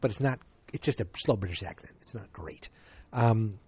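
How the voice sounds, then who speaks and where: Husky-voiced man rambling on a podcast. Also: lowish voice, moderate pace, a little mellow, dry recording. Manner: rambling, loose, full of fillers and restarts. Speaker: podcast host. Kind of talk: casual movie review podcast.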